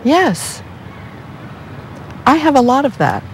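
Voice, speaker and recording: A woman in her sixties from New Jersey, an actress answering interview questions in an animated, playful way and laughing often. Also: sits high, slow, a little hiss or hum. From New Jersey, USA. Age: 60s. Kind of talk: relaxed conversational interview.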